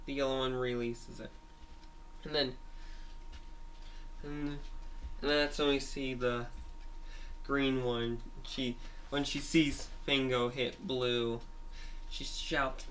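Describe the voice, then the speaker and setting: Brief: slow, bright-voiced man rambling through a story retelling. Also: mid-range voice, level tone, slight background noise. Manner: many restarts and fillers, hesitant.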